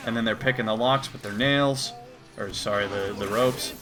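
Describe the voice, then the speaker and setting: A man's voice: fairly low pitch, normal speed. A man doing comedic commentary while reading a comic aloud, crude, profane and exasperated. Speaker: YouTuber.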